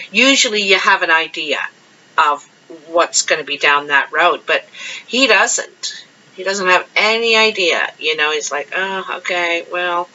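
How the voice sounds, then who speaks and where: A woman's voice: fairly low pitch, bright, forceful tone. A woman giving a casual monthly tarot reading, chatty and rambling as she thinks aloud over the cards. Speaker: tarot card reader. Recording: dull lo-fi sound.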